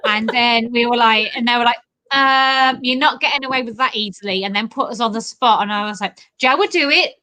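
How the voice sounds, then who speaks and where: A woman's voice: a little high, steady tone, a little fast, bright, forceful tone, no room sound, poor audio. A woman co-hosting a casual livestream chat, teasing and laughing often. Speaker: co-host of online festival livestream.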